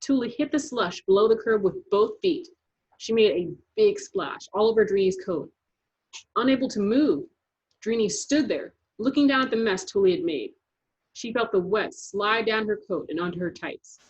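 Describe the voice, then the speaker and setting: A woman narrating a children's chapter book aloud in a lively, rhythmic reading. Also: medium pitch, moderate pace, breathy edge. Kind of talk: storybook read-aloud. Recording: dull lo-fi recording.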